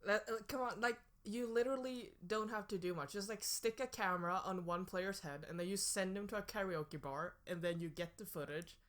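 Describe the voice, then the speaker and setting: A woman's voice: mid-range voice, brisk, few pauses, fairly bright tone. A young woman co-hosting a podcast in casual chat, playful and joking. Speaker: podcast co-host.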